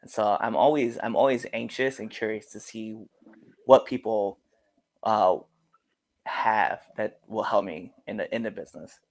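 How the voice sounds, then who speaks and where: A man's voice: on the low side, a little slow, no echo. A man, a professional wrestler, telling casual stories in an interview and acting out what others said. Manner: animated storyteller, acts out quotes.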